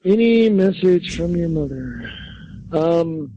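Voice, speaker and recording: A man's voice: on the high side, expressive, takes it slowly, muffled recording. A man acting as a psychic medium on a call-in radio show, hesitant, with many fillers and restarts.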